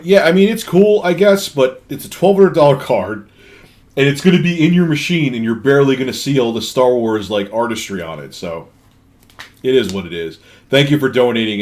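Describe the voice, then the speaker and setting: A man's voice: lowish voice, a little mellow. A man live-streaming, telling a rambling story full of restarts and cussing while answering donations. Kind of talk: casual live-stream chat.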